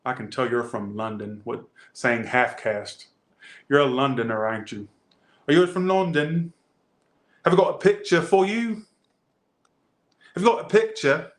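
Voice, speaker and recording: A man with a Southern US accent giving a casual tarot reading, animated, blunt and joking. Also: mid-range voice, measured pace, pauses often, roomy sound. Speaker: tarot reader.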